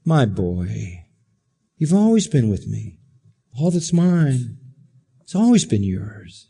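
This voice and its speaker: A man voicing a gentle father tenderly pleading with his grown son, as quoted in a sermon. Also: medium pitch, sing-song, slow, vocal fry, slightly rough, heavily acted.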